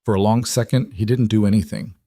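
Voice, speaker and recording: Man, low voice, measured story narration, dry close sound. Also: steady tone, warm tone, no echo.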